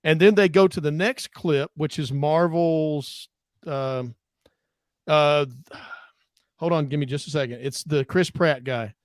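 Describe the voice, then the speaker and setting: A man's voice: fairly high pitch, unhurried, no echo, clean studio sound. A man on a casual online panel, talking animatedly and groping for names as he goes. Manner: animated, acts out quotes, gropes for names. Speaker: ministry discussion panelist.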